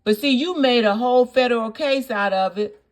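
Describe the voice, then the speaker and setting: A woman's voice: fairly high pitch, normal speed. A woman hosting a reaction video, scolding indignantly, piling up rhetorical questions and repeating her points for emphasis. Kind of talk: reaction commentary.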